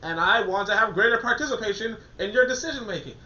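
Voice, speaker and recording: Emphatic high-voiced man, echoey room. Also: lively intonation, quick pace, hardly any pauses, pushed and bright. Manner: emphatic, colloquial, repeats words while thinking. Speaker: commentator reviewing a political document. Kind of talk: reading aloud and commenting. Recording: echoey, dull-sounding room.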